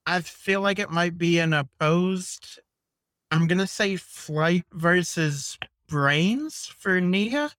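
A man's voice: sits high, expressive, slow, a bit bright, clear, resonant tone, no echo. Male game master, loose and profane; a dry, close recording. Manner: casual, profane. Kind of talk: running a tabletop game.

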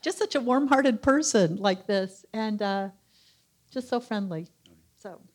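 A middle-aged woman tells a personal story from the pulpit in a mid-pitched voice. She acts out the people she quotes with lively shifts of tone. It is a casual, heartfelt church testimony. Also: a little slow. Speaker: church member sharing testimony.

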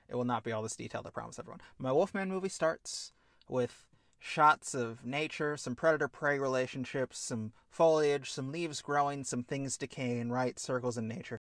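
A man co-hosting a podcast, pitching a film idea in an animated, casual chat and swearing freely. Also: dry recording, clean studio sound. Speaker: podcast co-host.

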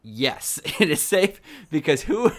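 A young man co-hosts a comedy podcast in a slightly high, sing-song voice, speaking slowly. His casual chat is rambling and giggly, with frequent restarts.

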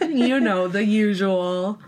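A woman's voice: mid-range voice, slow, darkish tone, slight background noise. A woman co-hosting a podcast in casual chat, reacting playfully and laughing along. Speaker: podcast co-host. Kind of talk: casual book recap chat.

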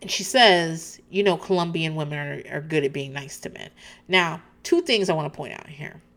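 A woman recapping a TV show in casual chat, candid and animated, often restarting her sentences and laughing. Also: sits low, normal speed.

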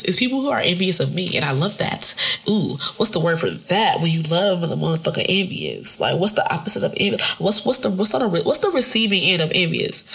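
Woman podcast host, thirties, profane and joking, gravelly and husky, very lively pitch. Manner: profane, joking, rambling and animated. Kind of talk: casual solo podcast monologue.

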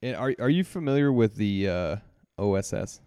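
Low-voiced man telling a story with laughs. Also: lively intonation, moderate pace, dark tone, clear, resonant tone, no room sound, clean studio sound. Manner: laughs often, rambling storytelling with restarts. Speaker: podcast co-host. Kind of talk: casual chat.

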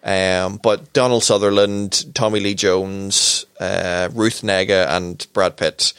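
A man giving a casual film review, halting and hesitant in delivery. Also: low-pitched, steady tone, fairly bright tone, clear, resonant tone, no room sound, studio quality. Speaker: podcast co-host, film reviewer.

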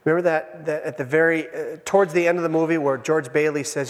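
A pastor with a fairly high voice preaches a sermon. He shifts between soft, hushed lines and raised, dramatic storytelling, and a long church reverb rings out behind every phrase. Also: fairly even intonation, fast talker. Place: church sanctuary.

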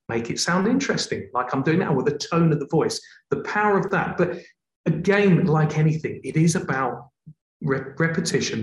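A man who works as a TV presenter, explaining his technique in an expressive, tone-varied way. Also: fairly high pitch, roomy sound, poor audio. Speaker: TV presenter, guest.

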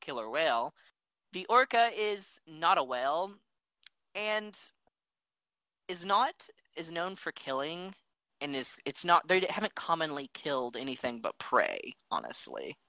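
Guy cohosting a podcast, bright voice, earnest explainer, dry close sound. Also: on the high side, very animated, unhurried, no echo, low-quality recording. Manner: earnest, explanatory, talks through facts. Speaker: podcast co-host. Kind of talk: casual chat.

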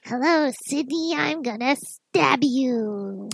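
A woman doing a raspy gremlin killer voice. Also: sits high, animated, takes it slowly, no echo, exaggerated voice. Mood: taunting. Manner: teasing, taunting. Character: raspy gremlin-like take on a masked movie killer voice.

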